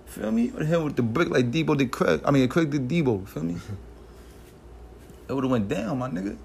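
A man's voice: mid-range voice, fairly quick, vocal fry, darkish tone, a little hiss or hum. A man co-hosting a podcast, talking loosely and joking in heavy slang. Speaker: podcast co-host. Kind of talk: casual podcast banter.

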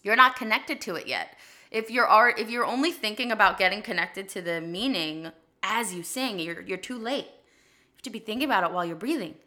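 Bright-voiced woman teaching singing. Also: mid-range voice, brisk. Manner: chatty and animated, drifts into short sung demonstrations; frequent "like" fillers. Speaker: voice teacher and podcast host. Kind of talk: casual spoken lesson.

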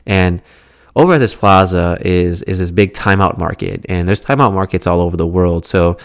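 Male vlog host in his thirties, smooth voice, chatty and rambling, swears casually. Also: sits low, normal speed, no echo, studio quality. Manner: rambling, filler-heavy, profane. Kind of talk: casual travel recap.

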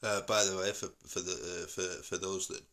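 Brief: male host, casual rambling chat, deep voice. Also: flat delivery, sharp tone. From St Helens, England. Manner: rambling, halting, with many fillers. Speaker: podcast host.

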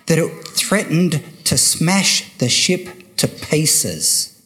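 An older man preaching a sermon, slow and emphatic, repeating key phrases for weight. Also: on the high side, lively intonation, pushed and bright.

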